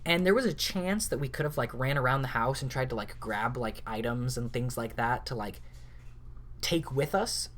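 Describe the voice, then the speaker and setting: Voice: mid-range voice, lively intonation, moderate pace, fairly bright tone. A podcast host telling a tabletop game story in a rambling, casual way, full of filler words. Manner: rambling, lots of "like" and laughing asides.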